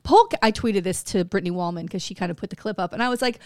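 A woman's voice: medium pitch, fast, no room sound, studio quality. A woman co-hosting a podcast, ranting about local politics in casual chat, heated and profane. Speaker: podcast co-host.

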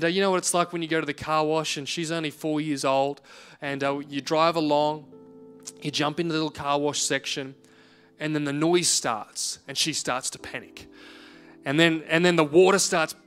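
A man's voice: on the high side, clean tone. A man in his thirties, a pastor preaching a sermon, who tells stories and acts out reactions. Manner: animated storytelling, acts out reactions.

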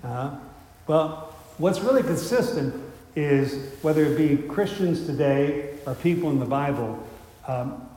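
With a fairly high, dark-toned voice and lively intonation, a male preacher unhurriedly tells stories in his sermon. He speaks casually, with frequent fillers and restarts, in an echoey hall with faint ambience.

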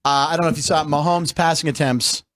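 A man's voice: fairly high pitch, steady tone, fast, fairly bright tone. A man hosting a sports talk show, joking and teasing his co-hosts in a casual studio chat. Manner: jokey, teasing. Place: radio studio.

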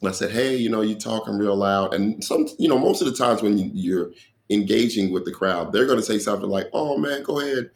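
Deep gravelly comedian telling stories. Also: male voice, fairly quick. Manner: animated storyteller who acts out dialogue and laughs. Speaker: comedian guest. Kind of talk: storytelling in an interview.

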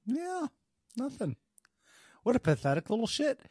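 A man's voice: very high voice, huge pitch swings, measured pace, a little mellow, dry recording, studio quality. A man co-hosting a podcast in a goofy, laid-back casual chat, rambling with fillers. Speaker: podcast co-host.

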